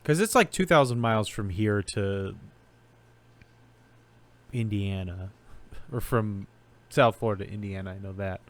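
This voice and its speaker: A man's voice: on the low side, steady tone, measured pace, long pauses. A man co-hosting a podcast in casual chat, rambling through guesses and making dry jokes. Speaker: podcast co-host.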